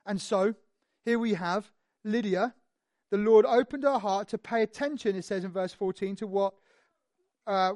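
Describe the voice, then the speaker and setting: A preacher giving a sermon, telling the story in an animated, conversational way with lively asides. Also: mid-range voice, dry recording.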